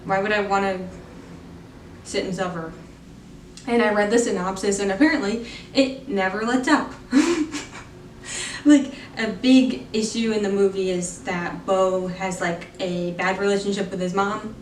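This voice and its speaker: A woman's voice: mid-range voice, unhurried, reverberant, recorded from a distance, slight background noise. A woman giving a casual spoken film review, chatty and full of fillers, laughing now and then. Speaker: movie reviewer.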